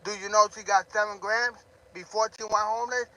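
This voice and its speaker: A man ranting loudly on a live stream, talking straight to a viewer, amped up and always yelling. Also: sits high, fairly even intonation, brisk, low-quality recording.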